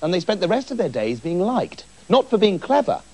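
A man narrating a comic storybook tale in an animated, giggly manner. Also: high-pitched, fairly quick, gravelly.

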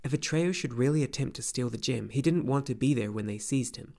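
A man reading a fantasy novel aloud as an audiobook narrator, in an even, measured way. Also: mid-range voice, creaky. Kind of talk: scripted narration.

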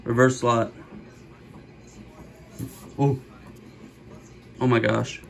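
A middle-aged man hosting a card-opening video, chatting casually and joking, with sudden gasps and bursts of excitement. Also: medium pitch, slow pace, creaky, pauses often, slight background noise, low-quality recording. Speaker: card-opening channel host. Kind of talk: casual pack-opening commentary.

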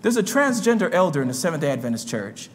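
Impassioned high-voiced preacher in a church hall. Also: male voice, big pitch swings, fast, slight background noise. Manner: impassioned, swinging between low murmurs and shouts. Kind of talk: sermon. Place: church sanctuary.

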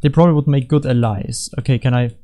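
Rambling, jokey gameplay commentator, mellow voice. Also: male voice, medium pitch, fast. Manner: rambling, jokey, self-correcting, puts on silly voices. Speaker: gaming YouTuber.

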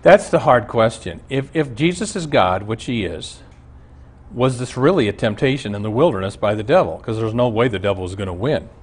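A man's voice: medium pitch, expressive, a little fast, slightly rough. A male pastor giving an earnest, emphatic Bible teaching and telling stories from his own life. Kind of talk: teaching sermon on a Bible show.

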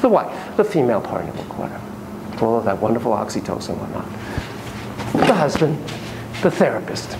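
A male psychotherapist lecturing in a university room, leaping up and down in pitch as he tells animated stories. He swears freely and acts out voices and sounds. A faint hiss sits under the recording. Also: normal speed, gravelly, long pauses. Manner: animated, profane, storytelling with acted voices.

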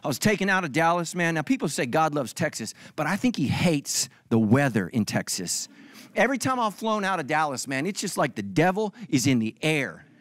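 A man's voice: on the high side, big pitch swings, a little fast, fairly bright tone, no echo. A middle-aged male pastor giving a comedic sermon, acting out other people's lines for laughs.

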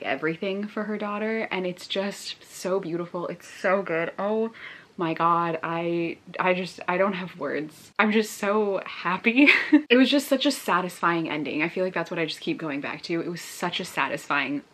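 A woman's voice: fairly low pitch, moderate pace, a bit bright, slightly rough. A young woman vlogging her reactions to a book, gushing and emotional and laughing often. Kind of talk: casual reading reaction vlog.

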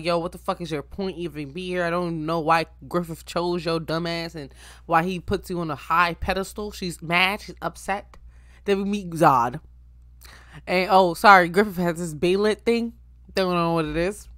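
A woman recapping an anime for her viewers in a chatty, profane way, full of fillers, swinging between loud bursts and low asides. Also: dry recording, clean studio sound. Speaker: anime reaction YouTuber.

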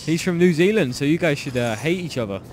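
A man's voice: a little high, expressive, fast, darkish tone, soft background music. A young man from Ireland chatting casually while playing a game, rambling and joking, often trailing off mid-sentence. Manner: rambling, jokey, trailing off and restarting. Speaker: gaming channel host. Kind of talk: casual gameplay chat.

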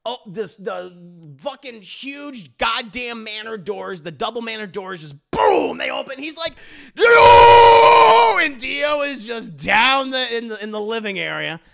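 Excitable male reviewer recapping an episode, bright and lively, swears freely. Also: high-pitched, a little slow, creaky, few pauses. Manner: animated, profane, acts out scenes.

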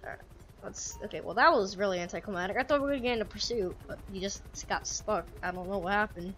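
A woman's voice: mid-range voice, fast talker, fairly bright tone, soft background music. A woman giving casual, chatty commentary while playing a police game, often laughing and talking to the characters. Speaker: gamer playing a police sim.

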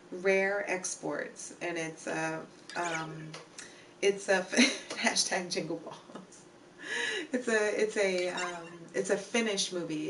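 A woman live streamer chatting casually with her viewers, laughing and teasing, repeating herself often. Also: medium pitch. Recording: distant mic with clear background noise.

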